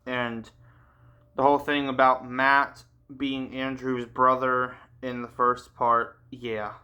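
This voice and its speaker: Slow, bright-voiced male story reader. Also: medium pitch, clear, resonant tone. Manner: casual, animated asides. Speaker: channel host, story reader. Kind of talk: reading a manga story aloud.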